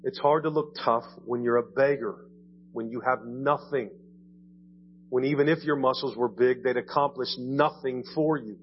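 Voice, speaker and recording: A man's voice: medium pitch, fairly even intonation, moderate pace, muffled recording, slight background noise. A man preaching a sermon in a church in a conversational way, often asking "right?" and repeating his words. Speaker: pastor. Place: church sanctuary.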